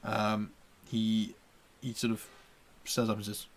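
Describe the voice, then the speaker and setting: A man's voice: on the low side, level tone. A man narrating as game master of a tabletop game, with frequent restarts and fillers. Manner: halting, many restarts and fillers.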